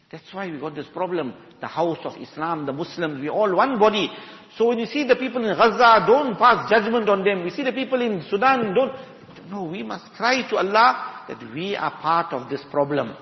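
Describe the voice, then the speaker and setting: Man preaching in a dull echoey hall. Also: high voice. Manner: storytelling, mixing Arabic and Urdu words into English. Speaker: Muslim preacher. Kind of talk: sermon.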